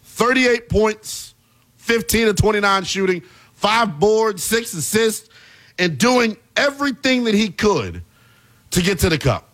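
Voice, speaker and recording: A man hosting a basketball talk show, delivering an animated, exasperated commentary rant with plenty of emphasis. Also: high voice, a little slow. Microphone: earpiece in studio.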